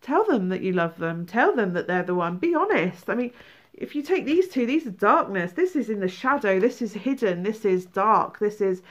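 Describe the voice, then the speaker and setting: A woman giving a tarot reading, animated, exclaiming and acting out feelings. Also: mid-range voice, dull audio. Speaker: tarot reader.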